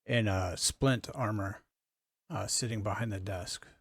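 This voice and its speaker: A man narrating as game master in a tabletop game, relaxed and pausing with fillers. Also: lowish voice, creaky, breathy edge, dry recording, clean studio sound.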